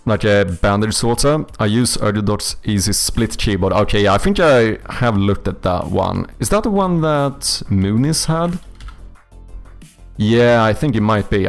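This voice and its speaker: A man's voice: fairly low pitch, moderate pace, gravelly, soft background music. A young man with a Swedish accent, a game developer chatting casually with viewers on a livestream, rambling and swearing freely. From Sweden. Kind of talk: casual livestream chat reading viewer comments.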